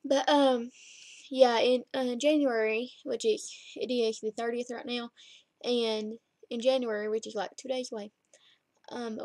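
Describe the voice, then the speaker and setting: A woman lying down at home rambles through a story in a casual vlog captured on her laptop webcam. Her voice is on the high side and a little mellow, and the recording is dry.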